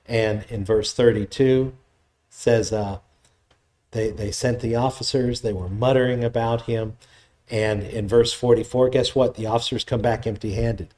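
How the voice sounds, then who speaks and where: A man's voice: medium pitch, steady tone, a little slow, a little mellow. A man preaching an expository sermon in a conversational way, retelling scripture in everyday voices.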